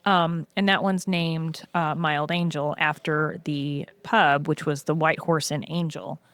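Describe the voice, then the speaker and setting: A woman guest in casual podcast chat, telling lively stories with frequent "um"s. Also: low-pitched, measured pace, dry recording. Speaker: podcast guest, brewery co-owner.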